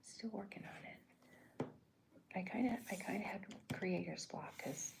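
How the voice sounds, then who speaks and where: A woman cartoonist in soft-spoken ASMR commentary, talking hesitantly with many restarts as she describes her comic panels. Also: medium pitch, unhurried, gravelly, low-quality recording.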